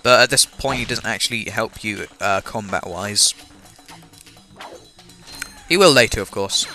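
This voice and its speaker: Over game music, a young Englishman with a slight cough talks through his gameplay in a lowish, sharp, unhurried voice. He keeps things chatty and pokes fun at himself, filling the gaps with plenty of fillers.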